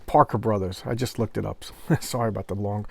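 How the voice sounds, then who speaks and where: A man's voice: lowish voice, steady tone, brisk, gravelly, husky, no room sound. A middle-aged man reviewing comic books in a casual, rambling way, with frequent fillers and restarts. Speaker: comic book collector and reviewer. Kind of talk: casual commentary vlog.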